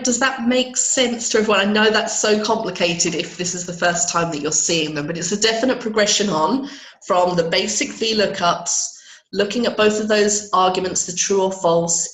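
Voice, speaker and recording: A woman with a hoarse voice teaching spreadsheet functions in a live webinar, patiently checking in with her listeners. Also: lowish voice, a bit bright, roomy sound, poor audio. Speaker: Excel trainer.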